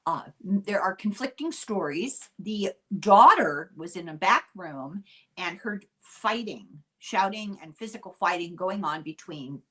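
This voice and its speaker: An older woman hosts a podcast, walking her listener through a true-crime case in a relaxed, conversational way. Her voice sits in a middle pitch, and she drops dry asides as she goes. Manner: chatty and unhurried, dry asides. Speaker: podcast host. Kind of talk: casual true-crime storytelling.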